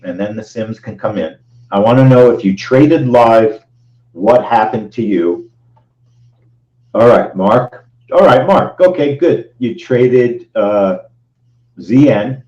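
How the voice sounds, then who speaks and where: A man's voice: mid-range voice, mellow, highs cut off. A man hosting a live trading stream, going over the results in an emphatic way and repeating his phrases. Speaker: trading show host. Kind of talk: live-stream trade recap.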